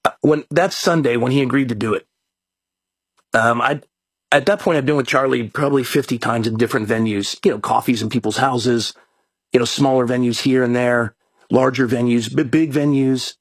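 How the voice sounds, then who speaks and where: A man's voice: medium pitch, steady tone, moderate pace, breathy edge, no echo. A man who is a mayor and a pastor, telling a long story in a rambling, folksy way and repeating his words as he goes. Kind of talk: storytelling in a conversation.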